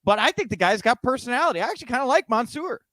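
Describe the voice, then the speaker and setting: A man hosting a podcast in a relaxed, chatty way, full of quick asides and laughs. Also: very high-pitched, no room sound. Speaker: podcast host. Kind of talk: casual chat.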